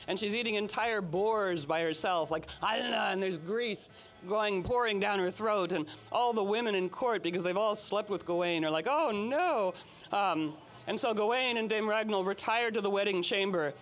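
Male host, animated storyteller, high voice, chatty asides. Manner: chatty, animated, frequent "you know" asides. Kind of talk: casual spoken storytelling talk.

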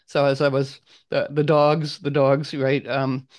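Hosting an online group call, this man talks in a medium pitch with a completely flat delivery and a slightly slow pace. Even so, his talk is casual, rambling and playful, and he acts out small voices in the stories he tells.

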